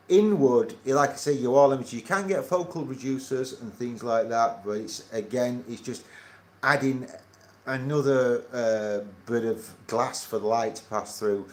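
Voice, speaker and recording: A man hosting a casual astronomy livestream, rambling and halting with many fillers and chuckles. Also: fairly low pitch, a little hiss or hum.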